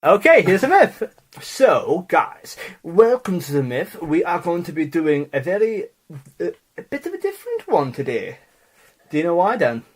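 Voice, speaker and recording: A man's voice: high voice, huge pitch swings, normal speed. A young man co-hosting a podcast in casual, teasing chat, often laughing. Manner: playful, teasing, prone to laughing. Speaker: podcast co-host.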